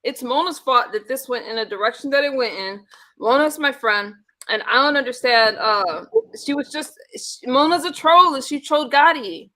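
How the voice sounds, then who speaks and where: A woman's voice: high-pitched, animated, normal speed, bright, forceful tone. A woman hosting a casual live-stream chat with callers, playful and eager to keep the peace, speaking. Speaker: host.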